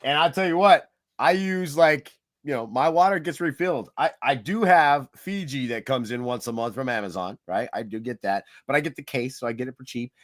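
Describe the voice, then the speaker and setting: A man of medium pitch co-hosting a podcast, speaking earnestly about life and purpose. His tone is reflective and motivational, easygoing in casual chat. The recording is close and dry. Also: fairly quick, no room sound. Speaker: podcast co-host.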